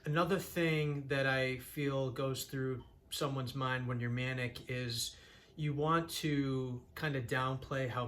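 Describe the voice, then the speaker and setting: A man's voice: medium pitch, a bit bright, slight background noise. A young man from Massachusetts, telling his own story in an earnest, rambling way with frequent restarts. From Massachusetts, USA. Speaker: channel host sharing his own story. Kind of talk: candid personal storytelling.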